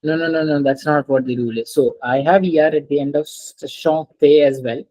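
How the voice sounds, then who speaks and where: A woman leads an online French lesson with a patient, checking manner. Her voice is mellow and a little husky, coming through a video call. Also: low-pitched, fairly even intonation, brisk, hardly any pauses, dry recording, low-quality recording. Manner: patient, repeats and checks with students. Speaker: French teacher. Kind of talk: online class teaching.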